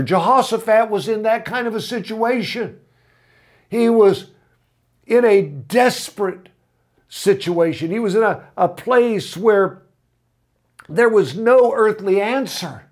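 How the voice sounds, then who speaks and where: A man's voice: high voice, darkish tone. A man preaching a sermon, telling a story with earnest feeling and rising to impassioned emphasis. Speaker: pastor.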